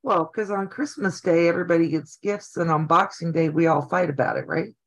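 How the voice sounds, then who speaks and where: A woman's voice: lowish voice, fairly quick. A Southern American woman hosting a casual sewing livestream, chatty and teasing, laughing often. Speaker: host of a sewing channel livestream.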